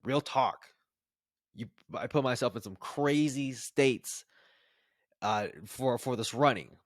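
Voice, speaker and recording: A man in his twenties casually telling a personal story to the camera, rambling and animated with frequent restarts. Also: medium pitch, slow, dry recording, clean studio sound. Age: 20s. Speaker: vlogger.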